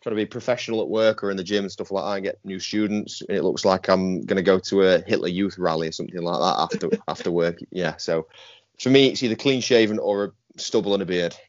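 A man's voice: sits low, fast talker, dry recording, highs cut off. A man co-hosting a podcast who teaches martial arts, talking bluntly and often laughing and swearing. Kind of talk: casual chat.

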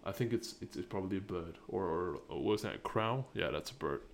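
A man's voice: sits low, animated, a little fast, creaky, slight background noise. A young man with a British-leaning accent, hosting a solo podcast and rambling with many restarts and fillers. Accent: British-leaning English, non-native. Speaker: podcast host.

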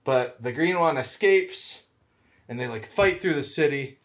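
A man's voice: medium pitch, measured pace. Man chatting loosely on a podcast. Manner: relaxed, rambling, many "like" fillers. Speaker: podcast co-host. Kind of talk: casual chat.

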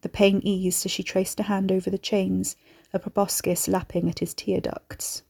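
A woman reading a horror story aloud in a measured storytelling manner. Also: mid-range voice, flat delivery, gravelly, dark tone, husky. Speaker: narrator. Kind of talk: scripted horror narration.

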